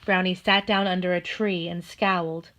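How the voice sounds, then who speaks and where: A woman narrating a children's storybook in a gentle, steady manner. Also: on the low side, moderate pace, lo-fi sound. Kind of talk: storybook read-aloud.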